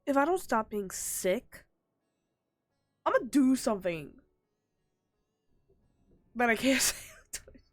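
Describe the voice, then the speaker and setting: A woman's voice: fairly high pitch, very animated, takes it slowly, long pauses, no echo, clean studio sound. Stuffy-nosed woman streaming a game. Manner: blunt and heavily profane, laughing at herself. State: stuffed-up nose, sniffling. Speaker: live streamer playing a video game. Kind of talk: casual gaming stream chat. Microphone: desk microphone.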